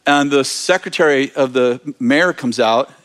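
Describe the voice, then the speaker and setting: A man telling a lively story in a sermon, laughing as he talks. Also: medium pitch, measured pace.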